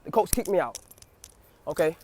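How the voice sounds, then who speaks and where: A woman's voice: on the low side, animated, moderate pace, mellow, a little hiss or hum. A young woman giving a fervent preaching testimony, repeating phrases and calling out to her listeners again and again. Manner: fervent, repeats phrases and calls "you hear what I say?" to listeners. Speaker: speaker giving a personal testimony.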